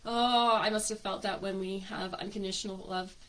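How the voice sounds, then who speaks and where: A woman's voice: mid-range voice, fairly even intonation, normal speed, a bit bright, rough recording. A woman hosting a live spiritual workshop, gushing and emotional as she greets viewers by name.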